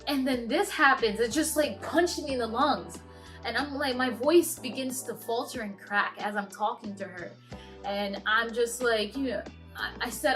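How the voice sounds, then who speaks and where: A woman in her twenties telling a personal story to camera in a halting, earnest way, often stopping and restarting her sentences. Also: on the high side, fairly bright tone, faint music behind. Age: 20s. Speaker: vlogger.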